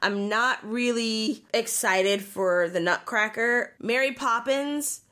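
A woman's voice: on the high side, slow, sharp tone. A woman co-hosting a casual podcast, ranting animatedly and swearing freely. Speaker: podcast co-host.

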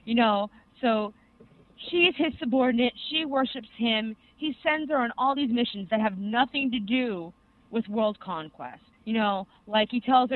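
A young adult co-host excitedly rambling through an anime recap in casual podcast chat, full of fillers. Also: mid-range voice, unhurried. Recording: tinny phone-like sound.

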